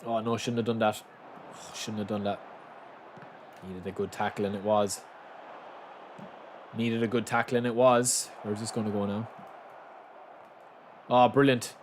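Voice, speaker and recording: A young man chatting casually and commentating live on his own football game, bursting into excited shouts at big moments. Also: on the low side, measured pace, long pauses, a little hiss or hum. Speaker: game streamer.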